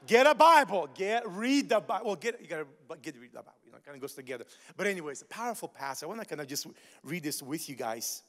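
A man preaching a sermon as pastor, lively and casual, full of asides and repeated phrases. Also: a little high, fast, few pauses, big-room sound. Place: large church hall.

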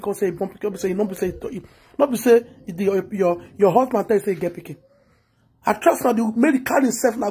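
Very husky Nigerian woman ranting. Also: on the high side, darkish tone. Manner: heated, scolding, repetitive. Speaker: blogger. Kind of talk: ranting commentary vlog.

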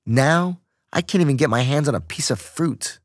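A man's voice: mid-range voice, big pitch swings, normal speed, no echo, clean studio sound. A man voicing a stressed middle-aged family man at his breaking point, pleading with rising outbursts. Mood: desperate.

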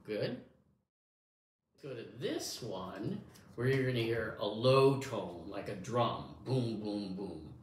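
A man speaks in a sing-song, medium-pitched voice, slow and with frequent pauses, while running a hearing test demo. His tone is encouraging, as if meant for a young child. Echo and faint background noise fill the recording.

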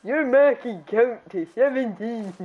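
Excitable woman streaming a game. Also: fairly high pitch, unhurried, highs cut off. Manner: excitable, laughs often, loud exclamations. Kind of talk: casual gameplay chat.

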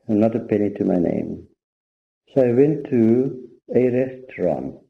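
A man's voice: fairly low pitch, vocal fry. An older man from India, a spiritual teacher, tells a personal story to an audience in a conversational, anecdotal way. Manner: anecdotal, conversational, addresses listeners directly. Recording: muffled lo-fi talk recording.

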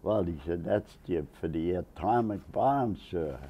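A man's voice: low-pitched, a little slow, few pauses, slightly rough, muffled recording. A man in his nineties, a Navy veteran, telling a long rambling story in an oral history interview, chuckling and acting out the quotes. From Massachusetts, USA. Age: 90s.

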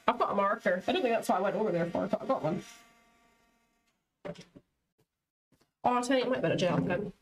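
A woman's voice: medium pitch, a little fast, long pauses. Woman chatting over crafts. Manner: relaxed, reads out viewer comments. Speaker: craft live stream co-host. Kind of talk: casual crafting chat.

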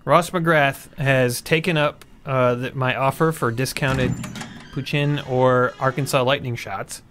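A man's voice: mid-range voice, steady tone, measured pace, noisy background. A man co-hosting a let's-play stream, cracking crude jokes and reading out viewer offers in casual chat.

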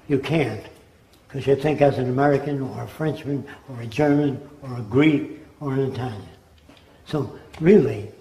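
Older man, lecture, emphatic, mellow voice, slightly high pitch, roomy echo. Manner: emphatic, slips into mimicked voices. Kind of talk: spoken lecture.

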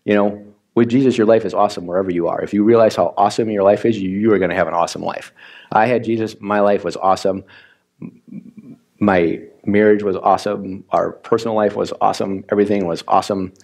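A man, a pastor from Wisconsin, preaching a chatty, animated sermon in which he acts out his own reactions. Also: on the low side, quick pace, creaky. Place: church sanctuary.

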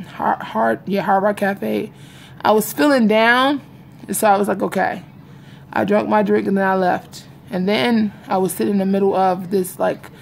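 Young woman, casual vlogger, gravelly voice, confiding and repetitive, faint background noise. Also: mid-range voice. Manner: rambling and confiding, repeats herself, addresses viewers as y'all. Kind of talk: casual vlog chat to viewers. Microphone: phone or webcam in front of her.

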